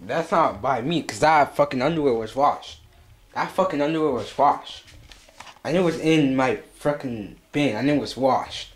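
A man's voice: medium pitch, normal speed. A young man vlogging in a home basement, swearing constantly in a disgusted, agitated comedic skit. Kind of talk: scripted comedic vlog skit.

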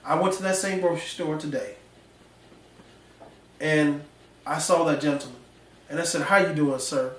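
A male pastor preaching a folksy, animated sermon full of slang, drawing responses from the congregation. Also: a little high, normal speed, long pauses. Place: church sanctuary. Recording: echoey church room, mic at a distance.

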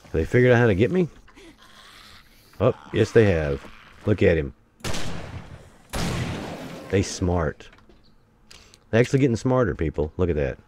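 A man giving excitable commentary while playing a survival game, taunting enemies and breaking into sudden loud outbursts. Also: low-pitched, measured pace, long pauses, slight background noise. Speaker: gameplay streamer. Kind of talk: let's play commentary.

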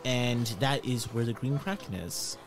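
A man's voice: mid-range voice, unhurried, faint music behind. A man narrating a tabletop pirate game as game master, in a playful manner.

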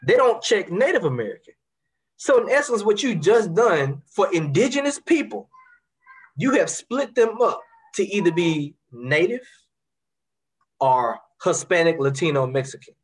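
A guest from Baton Rouge talks passionately in a casual conversation, his Southern Louisiana accent clear. His high-pitched voice is animated and unhurried with a breathy edge, and he repeats words as he builds his points.

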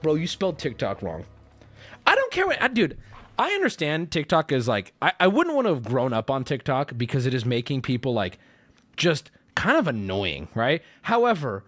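A man chatting casually and rambling on a live stream, swearing often. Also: on the high side. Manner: rambling, profane, animated.

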